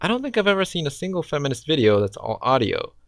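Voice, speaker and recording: A man's voice: fairly high pitch, very animated, fast, vocal fry, fairly bright tone, no room sound. A man doing reaction commentary in a sarcastic, exasperated way. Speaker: response video commentator.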